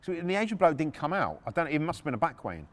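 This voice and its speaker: A man's voice: on the high side, big pitch swings, very fast, in a large hall. A middle-aged man hosting a podcast, telling a true story in a blunt, casual way, swearing freely and often restarting his sentences. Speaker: podcast host.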